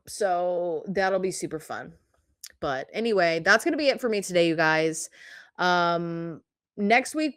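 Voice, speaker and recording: A woman's voice: fairly low pitch, clear, resonant tone, no echo, studio quality. A woman in her thirties hosting a podcast, telling stories in a casual, rambling way with plenty of "like" and "um" and frequent swearing. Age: 30s. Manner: chatty, swears freely, lots of "like" and "um". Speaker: podcast host. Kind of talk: casual storytelling monologue.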